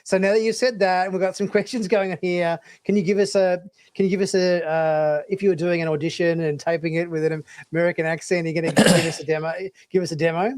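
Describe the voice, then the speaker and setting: Guy hosting a live stream, fairly high voice, reads out chat questions. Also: fairly even intonation, a little mellow, smooth. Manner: reads viewer questions aloud, quick short acknowledgements. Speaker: host. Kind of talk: casual livestream chat.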